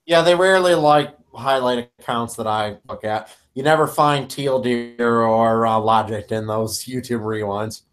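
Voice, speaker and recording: A man's voice: medium pitch, a little slow, few pauses, a bit bright. A man chatting casually as a guest on a livestream, making offhand, opinionated remarks. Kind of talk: casual chat.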